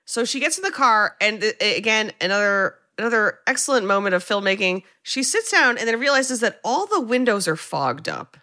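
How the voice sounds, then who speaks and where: A woman hosting a podcast, casually retelling a film scene by scene with animated delivery and some swearing. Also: fairly high pitch, normal speed, hardly any pauses. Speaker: podcast host recapping a film. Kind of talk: casual chat.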